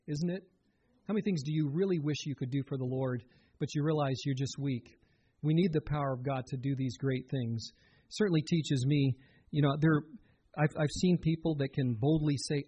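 A man's voice: fairly high pitch, warm tone, breathy edge, lo-fi sound. A man giving a sermon as a pastor, earnest and conversational, often turning to the listeners with direct questions.

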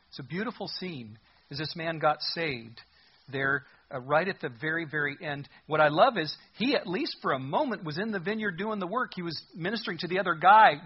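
Husky-voiced man preaching a sermon. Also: fairly high pitch, brisk, lo-fi sound. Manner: earnest preaching, reads scripture aloud, rising emphasis. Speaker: pastor.

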